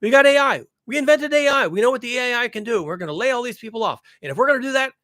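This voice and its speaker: A man's voice: extremely high pitch, expressive, rapid-fire, a bit bright, no echo, clean studio sound, pitched above the performer's own voice. A man putting on the voice of a greedy corporate boss who begs to be stopped from grabbing every profit. The boss pleads, then gloats. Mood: greedy, gloating.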